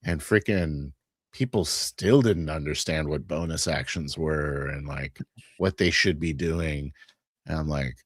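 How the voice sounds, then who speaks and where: A man's voice: rumbling low, a little slow, no echo, studio quality. A man co-hosting a casual chat, blunt and jokey, who runs tabletop games himself. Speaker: podcast co-host and game master. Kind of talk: casual chat reacting to a video.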